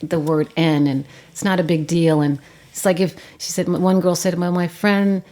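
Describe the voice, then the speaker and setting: A woman filmmaker telling a story in conversation, acting out the people she quotes and dropping to a hush on grim parts. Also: level tone, moderate pace. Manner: acts out quoted voices, shifting pitch and volume; drops to a hushed, quiet tone on grim topics. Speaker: guest, documentary filmmaker.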